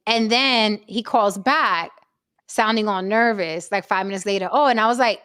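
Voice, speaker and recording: A woman hosting a casual talk show, telling stories in an animated, profane way. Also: medium pitch, moderate pace, smooth, no echo. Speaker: podcast host. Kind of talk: casual chat.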